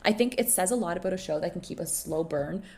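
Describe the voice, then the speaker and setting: A woman's voice: lowish voice, fast, darkish tone. A woman co-hosting a podcast in casual chat about a TV series, easygoing and hesitant, with many "like" and "um" fillers. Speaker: podcast co-host.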